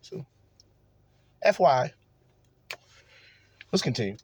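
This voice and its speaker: A man rants through casual reaction commentary, crude and mocking, with profanity in every other line. His voice sits at a middle pitch. The sound is dry and close, with no room around it. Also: sing-song, slow, a little mellow, slightly rough, no echo. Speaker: commentary podcast host.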